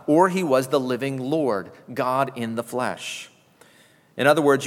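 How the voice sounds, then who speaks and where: A man's voice: mid-range voice, fairly bright tone, in a large hall. A male pastor preaching a sermon in an earnest, teaching manner, posing rhetorical questions and often restarting his words.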